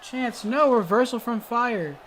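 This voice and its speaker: A woman commenting play by play on a wrestling video game, calling the moves with sudden excited exclamations and frequent hesitant fillers and self-corrections. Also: on the high side, measured pace, slight background noise. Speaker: gaming video host.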